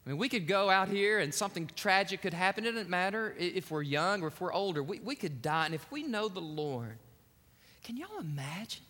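A man preaching a sermon, telling a story with lively acted-out voices. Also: sits high, brisk. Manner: animated storytelling, acting out quotes. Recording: long hall reverb.

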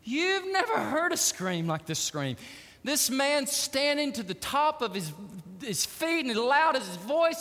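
High, bright-voiced pastor preaching. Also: male voice, expressive, moderate pace. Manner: dramatic, emphatic storytelling, swinging between hushed and loud. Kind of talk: sermon. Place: church sanctuary. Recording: long church-hall reverb.

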